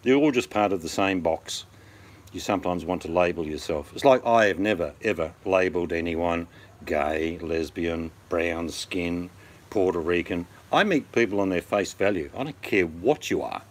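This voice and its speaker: A man's voice: low voice, moderate pace. A middle-aged Australian man hosting a casual livestream chat, rambling with sardonic, jokey asides.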